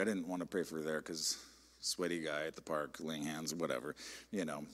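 A middle-aged man, a pastor, preaching a sermon in a conversational, animated storytelling way. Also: a bass voice, fast talker. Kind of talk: sermon with personal stories.

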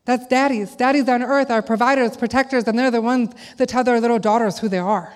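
Long hall reverb colors this clip of a middle-aged woman addressing a church gathering. She gives a chatty sermon full of rhetorical questions, her fairly high voice steady and brisk.

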